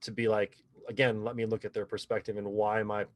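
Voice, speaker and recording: A man's voice: lowish voice, quick pace, no echo. A man in his thirties, a guest telling stories in a casual interview, rambling with lots of fillers. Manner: rambling with many fillers, animated when quoting others. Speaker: podcast guest, pro paintball player.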